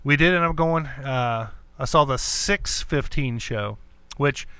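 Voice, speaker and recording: A man's voice: medium pitch, takes it slowly, pushed and bright, smooth, dry recording. A young adult man co-hosting a podcast, telling a profane story with lots of acted-out quotes. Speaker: podcast co-host. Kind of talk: casual chat.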